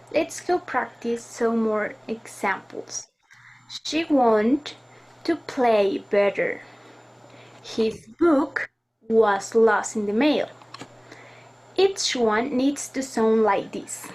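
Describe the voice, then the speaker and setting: Female student presenter, fairly high voice, very slow and careful delivery, faint noise behind. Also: a little mellow, poor audio. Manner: careful, explanatory reading. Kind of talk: recorded class presentation.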